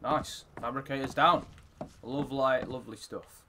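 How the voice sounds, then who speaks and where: A young man giving casual, excitable gameplay commentary, swearing often and shouting when surprised. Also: medium pitch, normal speed, noisy background. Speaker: gaming YouTuber.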